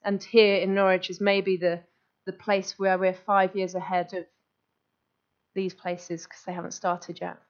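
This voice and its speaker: Addressing an audience in a meeting room, a guest speaker talks at a measured pace in a lowish voice with little pitch movement. She's enthusiastic and chatty, often restarting her sentences, and the live recording sounds dull and lo-fi.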